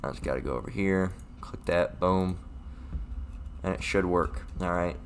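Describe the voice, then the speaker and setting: A man giving a casual livestream Bible lesson. He rambles, repeats words and keeps adding "all right?", and he reads scripture aloud slowly and deliberately. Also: sits low, slight background noise. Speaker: online scripture teacher.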